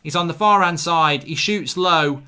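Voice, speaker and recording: A man's voice: a little high, a little slow, pushed and bright, clear, resonant tone. A man hosting a live football watchalong, calling the action, cheering goals and reading viewer comments aloud in casual chat. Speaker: watchalong host.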